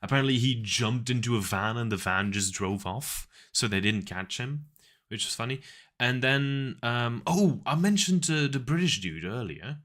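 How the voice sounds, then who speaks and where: Rambling, lively-voiced male streamer. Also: mid-range voice, normal speed. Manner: rambling storyteller who laughs often. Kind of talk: casual chat with viewers.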